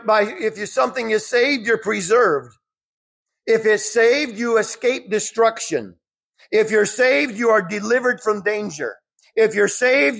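A man preaching a sermon, rising emphatically when quoting scripture and dropping low for asides. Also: vocal fry, fairly bright tone.

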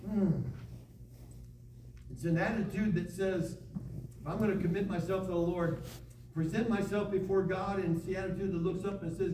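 High-voiced preaching man in an echoey room. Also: fairly even intonation, normal speed, long pauses, distant mic, noisy background. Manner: preaching with rising emphatic repetition, reading scripture aloud. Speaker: pastor. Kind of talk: sermon.

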